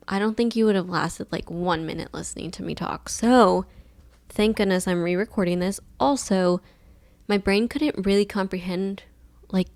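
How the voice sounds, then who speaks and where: A young woman talks through a personal story on her solo podcast, casual and rambling. Her delivery is chill and fairly flat, loose and unhurried, and she leans heavily on "like" as she goes. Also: mid-range voice. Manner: chill, laid-back, monotone delivery; rambling with many fillers like "like". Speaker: podcast host.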